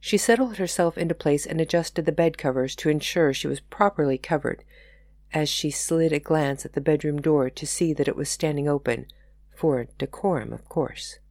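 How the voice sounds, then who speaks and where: A woman podcast host reads her own novel aloud in a steady storytelling voice. The sound is close and dry, with no echo around it. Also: sits low, normal speed.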